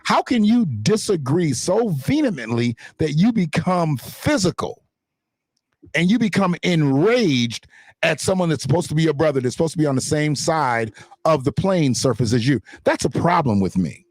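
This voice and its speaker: Guy ranting live on his stream, cussing a lot, voice swings all over, pretty high, dry close mic. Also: very animated, moderate pace, a little mellow, no echo. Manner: profane, fiery and emphatic. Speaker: livestream host. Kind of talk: heated unscripted livestream rant. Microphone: desktop streaming mic in front of a green screen.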